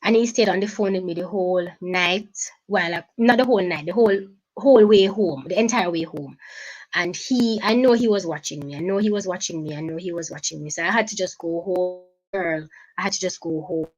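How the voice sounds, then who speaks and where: A woman with a Jamaican accent, a guest giving an emotional personal account in halting speech, often repeating and restarting her phrases. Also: mid-range voice, poor audio.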